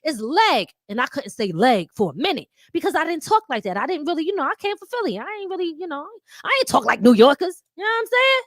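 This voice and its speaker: A middle-aged woman from Philadelphia with a mixed Philadelphia and New York accent, hosting a talk show in a blunt, slangy, animated monologue full of laughter. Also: sits high, fast, no echo, studio quality. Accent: mix of Philadelphia and New York. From Philadelphia, USA. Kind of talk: casual monologue to viewers.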